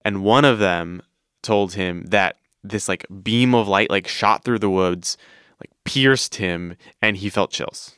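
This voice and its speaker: A man hosting a podcast, retelling a story in a relaxed, chatty way and often laughing. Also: lowish voice, slow pace, clean tone, dry recording, studio quality. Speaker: podcast host. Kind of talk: casual storytelling chat.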